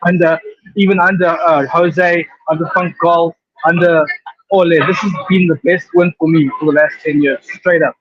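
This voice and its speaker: A man's voice: fairly high pitch, fairly even intonation, moderate pace, no room sound. South African man on a muffled call. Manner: emphatic, says "straight up". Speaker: caller. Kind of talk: casual call-in chat.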